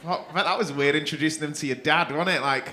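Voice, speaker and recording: High-voiced man doing stand-up crowd work. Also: bright, forceful tone. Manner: teasing, sweary, quick-fire banter. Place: comedy club stage. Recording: live club recording with crowd noise. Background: audience laughing.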